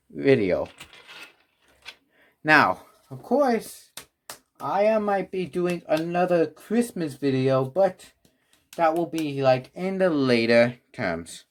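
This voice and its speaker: Slow, rambling man reviewing toys. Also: on the high side. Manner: rambling, restarts often, sighs. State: out of breath. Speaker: toy reviewer. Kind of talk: casual toy review vlog.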